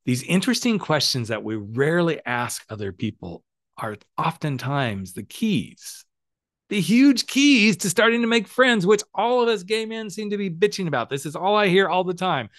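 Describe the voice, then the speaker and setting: A man's voice: high-pitched, big pitch swings, normal speed, a bit bright, dry recording, clean studio sound. A middle-aged man hosting a podcast as a coach, talking in a casual, emphatic, motivational way and swearing freely.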